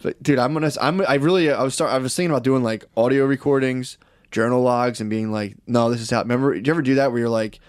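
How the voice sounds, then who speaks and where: A man in his thirties riffing on a podcast, rambling from one joke to the next and slipping into quoted voices. His voice sits at a middle pitch and sounds dry and close on the mic. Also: fast talker, no echo. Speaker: podcast co-host. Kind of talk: casual podcast banter.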